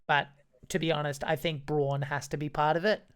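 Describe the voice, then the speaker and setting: A woman's voice: low-pitched, little pitch movement, fairly quick, smooth. A woman running a tabletop game as game master, chatty and easygoing, with many fillers. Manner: chatty, hesitant with fillers, laughs easily.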